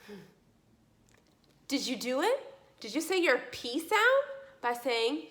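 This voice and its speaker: A young adult woman giving a children's speech lesson, speaking slowly and clearly with encouraging questions. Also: sits high. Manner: slow, clearly articulated, encouraging teacher talk with lively questions. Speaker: speech therapy teacher.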